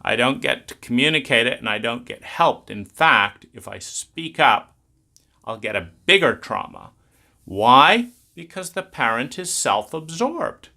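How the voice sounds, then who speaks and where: A man's voice: mid-range voice, big pitch swings, unhurried, creaky, pushed and bright. A man explaining trauma in a blunt, emphatic talk, swearing freely. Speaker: trauma educator.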